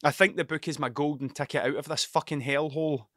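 A hungover young man rants in a restless, self-mocking ramble, with swearing in nearly every breath. His voice sits a little high and sounds bright and tense. The sound is dry and close, with no room around it. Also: steady tone, fast, no echo. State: hungover and sleepless. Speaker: podcast host. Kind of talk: rambling casual monologue. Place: cluttered room at home.

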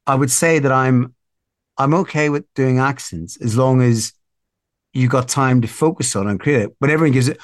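A man's voice: medium pitch, moderate pace, no room sound, studio quality. A man, a podcast guest chatting casually, rambling with lots of restarts. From Northern Ireland. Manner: rambling, many restarts, animated when amused. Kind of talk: casual interview chat.

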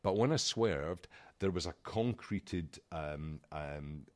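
A middle-aged man with a very low voice recounts a frustrating episode with animated indignation. He talks casually as a podcast co-host, close to a dry, dead-sounding mic. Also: takes it slowly, no echo. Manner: animated, exasperated anecdote-telling. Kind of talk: casual chat, storytelling.

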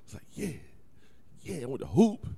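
Animated man telling a story. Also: on the high side, moderate pace, creaky, breathy edge. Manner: animated storytelling, profane slang, frequent laughs. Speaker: podcast co-host. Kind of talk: casual chat.

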